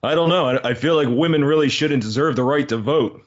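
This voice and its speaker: A man's voice: mid-range voice, brisk, lo-fi sound, natural voice. A man putting on a smug, conservative old-Hollywood male villain, with a mid-Atlantic accent tinged with Philadelphia. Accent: mid-Atlantic with a hint of Philadelphia.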